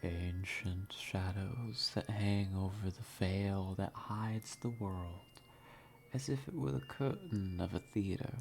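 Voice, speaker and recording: A man voicing an ominous unseen male figure in a breathy whisper, slow and drawn out, as whispered role-play. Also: deep voice, darkish tone, slight background noise, exaggerated voice.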